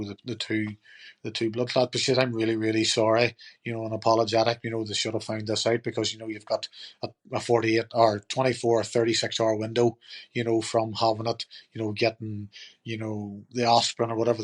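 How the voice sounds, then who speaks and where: A middle-aged man, a podcast guest telling his story in a chatty, rambling way full of fillers. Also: on the low side. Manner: chatty, rambling, lots of "you know" and "turned around and says". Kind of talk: casual storytelling.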